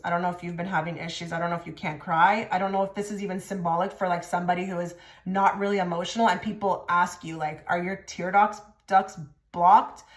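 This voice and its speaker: A woman giving a casual tarot reading to camera, direct and blunt, with many filler likes. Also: on the low side. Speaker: tarot reader. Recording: echoey room.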